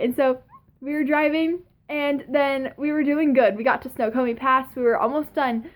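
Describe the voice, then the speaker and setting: A young woman telling a story in a casual vlog, excited and gushing, with many fillers and laughs. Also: high voice, brisk. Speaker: fan.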